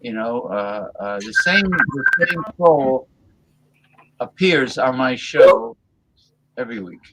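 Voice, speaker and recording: A man hosting a casual livestream chat, who talks in halting restarts with many fillers and repeats himself to hold the floor. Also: mid-range voice, expressive, a bit bright, slight background noise, rough recording. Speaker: livestream host.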